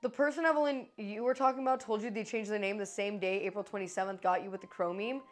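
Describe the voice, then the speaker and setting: A woman's voice: medium pitch, fairly even intonation, quick pace, soft background music. A woman streamer in casual live chat with her viewers, swearing freely and swinging between joking and apologizing.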